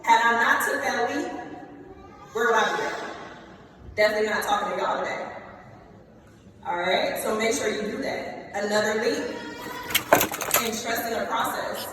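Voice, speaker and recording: A woman's voice: fairly high pitch, moderate pace, long pauses, background noise. Echoey woman giving a commencement speech. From Ohio, US. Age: late 20s. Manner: lively, addresses the students directly with "y'all" and "okay?". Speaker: commencement speaker. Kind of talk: motivational speech. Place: large hall. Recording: echoey hall, heard from a distance.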